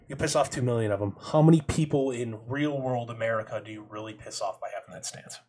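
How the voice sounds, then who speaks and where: A man co-hosting a sports talk show, debating bluntly and cutting in with quick quips. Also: medium pitch, a little mellow, a little hiss or hum. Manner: blunt, argumentative, cuts in with quips. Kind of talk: casual debate.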